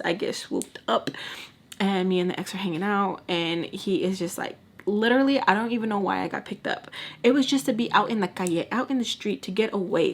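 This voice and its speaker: A woman vlogger telling a storytime in a casual, animated way, acting out the people in it, swearing freely and dropping in Spanish words. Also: mid-range voice, fairly quick. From Texas. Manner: animated, swears a lot, acts out voices, mixes in Spanish.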